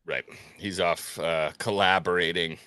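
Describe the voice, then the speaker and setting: A sarcastic, joking man co-hosts a casual podcast. His tone is bright and forceful, and it sounds dry and close to the mic. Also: low voice, steady tone, measured pace, smooth, no echo. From Italian-American family. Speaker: podcast co-host. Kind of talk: casual chat.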